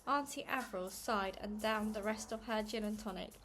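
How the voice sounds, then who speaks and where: A woman reading a children's novel aloud at home, in a steady, plain manner with small stumbles. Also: mid-range voice, moderate pace, a little hiss or hum. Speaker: reader. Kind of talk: read-aloud storybook narration.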